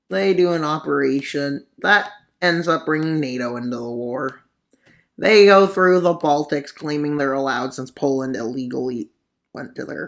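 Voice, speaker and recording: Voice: mid-range voice, vocal fry, a bit bright. A mapping video narrator giving casual commentary on a war scenario, full of sarcastic, rambling asides.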